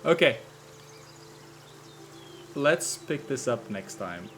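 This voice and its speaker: Game master, male, mid-pitched, easygoing, takes his time over descriptions. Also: very animated, extremely slow, a bit bright, soft background music. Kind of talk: narrating a tabletop game.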